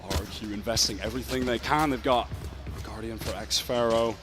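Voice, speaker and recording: Man calling esports, loud music behind. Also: medium pitch, steady tone. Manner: measured, analytical calling of the action. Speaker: esports play-by-play caster. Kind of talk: live esports commentary.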